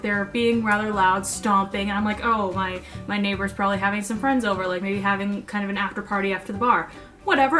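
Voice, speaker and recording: A woman's voice: on the high side, a bit bright. A young woman vlogger telling a story to camera in a playful, self-mocking way.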